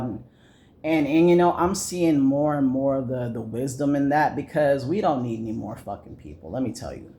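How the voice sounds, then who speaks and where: A man's voice: medium pitch, moderate pace, dark tone, a little hiss or hum. A young man ranting casually to camera, swearing often and rambling with many fillers and restarts. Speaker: vlogger.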